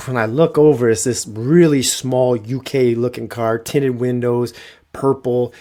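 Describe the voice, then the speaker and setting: A man hosting a podcast, telling comic stories in an animated, profane way. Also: medium pitch, measured pace. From Canada. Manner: animated, profane, rhetorical "right?". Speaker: podcast host. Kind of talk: comic storytelling.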